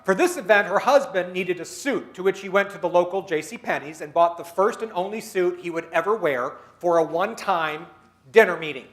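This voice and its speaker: A man's voice: high voice, brisk, fairly bright tone. A man delivering a keynote speech at a dinner meeting, telling stories and leading the audience through exercises. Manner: acts out quoted people in his stories. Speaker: keynote speaker.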